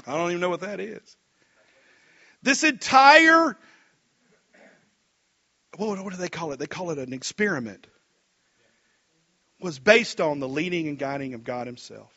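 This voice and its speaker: A man preaching a sermon in a church, rambling with many fillers and climbing to emphatic, excited peaks. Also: fairly high pitch, a little fast, breathy edge, highs cut off.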